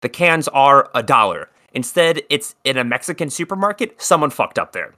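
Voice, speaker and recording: A man's voice: mid-range voice, very animated, normal speed, sharp tone. A man from South Jersey co-hosting a podcast, telling a long rambling story in casual chat and swearing freely. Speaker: podcast co-host.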